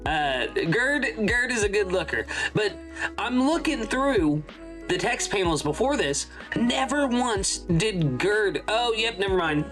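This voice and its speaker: A man's voice: high voice, very animated, takes it slowly, fairly bright tone, faint music behind. A young man hosting a casual manga reaction, talking in a chatty, rambling way and often correcting himself mid-sentence. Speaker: channel host.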